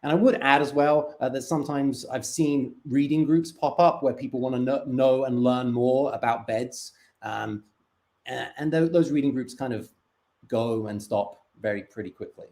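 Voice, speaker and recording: A man doing a stand-up comedy set with a deadpan delivery, breaking into lively quoted asides. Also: medium pitch, normal speed.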